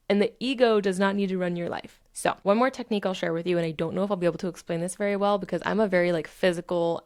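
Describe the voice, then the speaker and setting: A young adult woman hosts a podcast, sharing self-help tips candidly and casually, swearing freely and acting out her inner dialogue. Her voice is on the low side with vocal fry.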